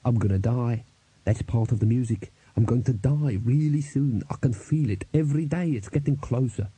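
A man's voice: medium pitch, moderate pace, dark tone, breathy edge, dry recording. A man voicing a gloomy, fatalistic male dwarf horn player who grumbles glumly in an audiobook. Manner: glum, grumbling.

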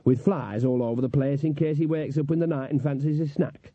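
A man performing a cheerful, earthy old witch who chatters cheekily in rustic grammar. His voice climbs noticeably above his usual register while keeping a dark, husky grain. The storybook recording is dry and a little lo-fi. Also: fairly high pitch, steady tone, brisk, no echo.

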